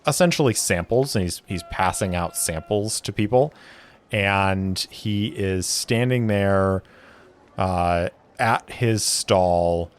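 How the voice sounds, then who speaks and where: A man narrating a solo tabletop game as game master, thinking aloud as he rolls. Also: fairly low pitch.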